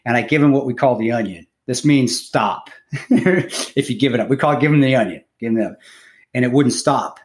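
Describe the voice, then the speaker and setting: A middle-aged man on a podcast telling a personal story in a casual, halting, profane way, with many restarts. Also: mid-range voice. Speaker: podcast co-host, former contractor.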